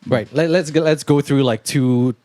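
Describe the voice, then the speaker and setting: A young man hosting a podcast, talking in a relaxed, rambling way with lots of fillers. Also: fairly high pitch, normal speed, no room sound. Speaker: podcast host. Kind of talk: casual podcast chat.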